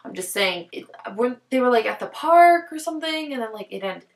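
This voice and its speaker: Excitable chatty woman, roomy echo. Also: fairly high pitch, fairly quick. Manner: excitable and rambling, heavy use of "like". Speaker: book reviewer. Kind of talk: casual book talk vlog. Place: top-floor apartment at home.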